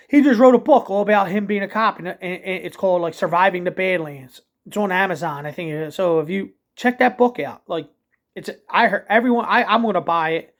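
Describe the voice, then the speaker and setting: A man with a thick Philadelphia accent rambles through a casual late-night vlog rant. His voice sits high for a man, and he strings thoughts together with constant fillers and self-corrections. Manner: rambling, heavy with "like" fillers and restarts. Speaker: vlogger and DJ.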